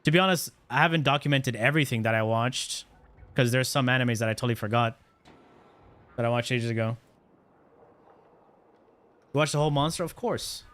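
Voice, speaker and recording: A man streaming live, chatting casually in a rambling, excitable way with quick blunt opinions. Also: medium pitch.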